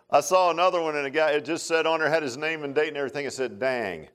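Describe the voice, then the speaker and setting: Folksy preacher man, a little high. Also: fairly quick, fairly bright tone, slight background noise. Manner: folksy, rambling, full of fillers and restarts. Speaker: pastor. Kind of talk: sermon.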